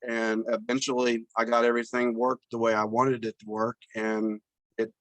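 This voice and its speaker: A man's voice: medium pitch, monotone, normal speed, a bit bright, dry recording. A man speaking on a video call with his camera off, modest and plainspoken, telling how it went. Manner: modest, plainspoken, laughs easily. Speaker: caller, business owner. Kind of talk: casual Zoom group chat. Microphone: video call, audio only.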